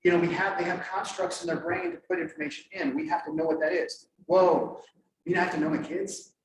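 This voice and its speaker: A middle-aged man presenting at a conference, lively and joking as he quizzes the audience. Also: high voice, quick pace, crowd noise. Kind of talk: interactive workshop talk. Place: conference room. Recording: echoey room, mic far off, faint noise.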